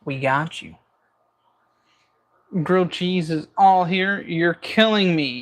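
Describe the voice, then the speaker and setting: A man's voice: high-pitched, takes it slowly. A man hosting a casual livestream from his kitchen, cooking as he talks and joking through viewer comments. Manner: jokey banter, reading viewer comments aloud. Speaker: livestream host.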